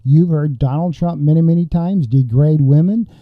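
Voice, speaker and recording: A man with a slightly raised pitch hosts a political commentary podcast, reading reports aloud and breaking off to react with indignation. The sound is dry and a little dull, like a modest home setup. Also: normal speed, no room sound. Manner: indignant, reads quotes then comments with outrage. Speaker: podcast host.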